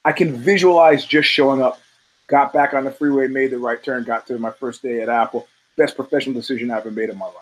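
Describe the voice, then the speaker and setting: A man's voice: medium pitch, steady tone, fast, low-quality recording. A male show host giving a blunt, rambling commentary monologue full of profanity and restarts.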